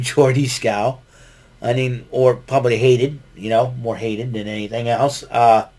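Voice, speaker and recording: A man's voice: medium pitch, fairly bright tone. A man casually recapping a wrestling show, rambling with many fillers and restarts and chuckling often. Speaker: podcast host recapping wrestling.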